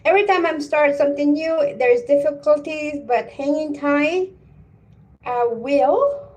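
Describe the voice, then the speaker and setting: A woman's voice: sits high, unhurried, a little mellow. A middle-aged woman hosting a casual live stream from home, chatting and greeting viewers by name as she thinks aloud.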